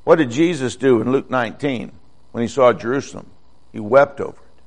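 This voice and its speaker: A man's voice: mid-range voice, fairly quick. An older man preaching a folksy, conversational sermon, asking the congregation questions.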